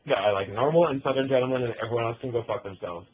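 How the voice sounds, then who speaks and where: A man's voice: mid-range voice, very fast, dull audio, noisy background. A young man co-hosting a casual podcast chat from a bedroom, bantering and laughing often. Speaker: podcast co-host.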